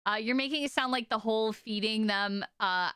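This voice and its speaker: A young woman streaming casually to her chat, telling stories in an animated, exaggerated way with lots of "like" and "okay?". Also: a little high, a little fast, smooth, dry recording, studio quality.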